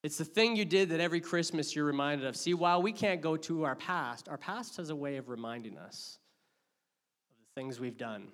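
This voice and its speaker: A pastor preaches in a fairly high voice at a moderate pace, telling his story dramatically. He rises to loud outbursts and drops to hushed asides, his voice ringing with the long reverb of a large hall.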